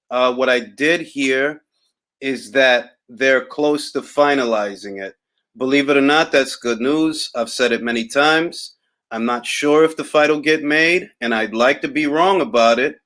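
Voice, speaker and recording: A man's voice: medium pitch, a bit bright. A young man from Harlem with a New York accent, hosting a casual boxing talk livestream and reading out viewer comments in a laid-back, wry, drawling way. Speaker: boxing talk host reading live chat.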